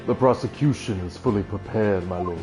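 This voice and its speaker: A man voicing a haughty aristocratic male prosecutor, speaking in a pompous, low drawl. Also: a little fast, lightly acted, low-quality recording. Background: game music.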